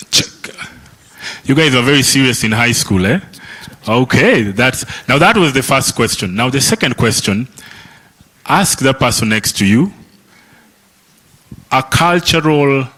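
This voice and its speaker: A Kenyan workshop facilitator runs a youth summit session in a conference hall, his medium-pitched voice pushed and bright. He teases the audience and tags questions with "eh?" and "okay?" in lively back-and-forth.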